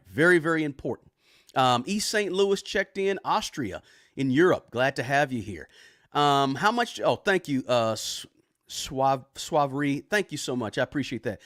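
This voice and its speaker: Relaxed man chatting on a live stream. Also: a little high, no echo, studio quality. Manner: relaxed, conversational, shouts out viewers and repeats himself. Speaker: personal finance livestream host. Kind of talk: casual live-stream chat reading comments. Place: home room with record player and bookshelves.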